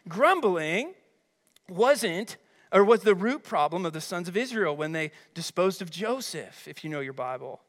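High-voiced, energetic preaching man. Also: unhurried. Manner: energetic, emphatic, chatty with rhetorical asides. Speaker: pastor. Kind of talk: sermon. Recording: long hall reverb.

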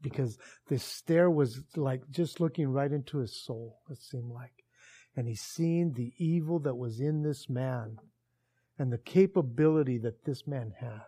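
A man preaching a sermon in a casual, animated storytelling way that builds in intensity. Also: mid-range voice, measured pace, slightly rough. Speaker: pastor.

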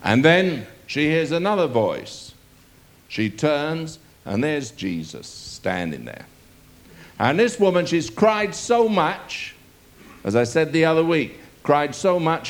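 A man's voice: a little high, measured pace. A man preaching a sermon, reading a scripture passage aloud and asking his listeners rhetorical questions. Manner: animated delivery with rhetorical questions to the audience.

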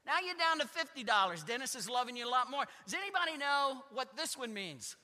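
A middle-aged male pastor preaches in an extremely high, sing-song voice, a little fast, pushed and bright. His sermon is joking and conversational, teasing the congregation with self-mocking asides, recorded in a church sanctuary with long reverb.

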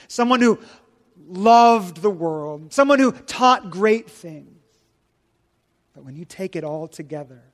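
A man preaching a sermon as pastor, swinging from loud emphatic lines to hushed quiet ones. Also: fairly high pitch, big-room sound.

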